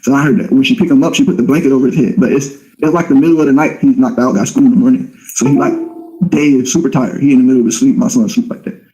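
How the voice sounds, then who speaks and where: A man with a dark, mellow voice rattles off his story at a quick clip. He talks bluntly and profanely in casual street speech, as a guest in an interview. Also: medium pitch, rough recording.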